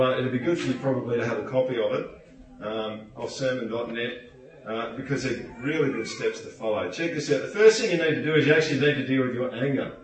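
A male preacher delivers a lively sermon, his voice bouncing around a large echoey hall. He sounds set back from the microphone. He slips into playful put-on voices to act out what people say. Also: mid-range voice. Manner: animated, playful, acts out quotes with voices. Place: church hall. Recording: echoey hall, distant mic.

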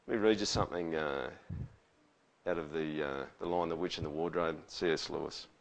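A man's voice: very deep voice, moderate pace, creaky. Man, pastor giving a casual, conversational sermon. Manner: conversational, with frequent rhetorical tags.

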